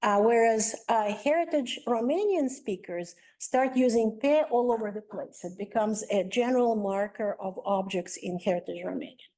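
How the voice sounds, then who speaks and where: A woman's voice: a little high, normal speed, few pauses, dark tone. A woman giving an academic linguistics lecture as a guest speaker, explaining step by step with frequent "uh" and "um" fillers.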